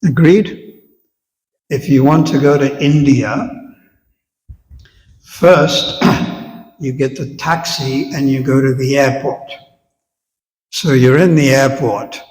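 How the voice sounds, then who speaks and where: Male teacher, measured and slow, lecturing a congregation in a hall with a long echo. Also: mid-range voice, fairly even intonation. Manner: unhurried, conversational, asks the audience questions. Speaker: visiting spiritual teacher. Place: temple hall with long reverb.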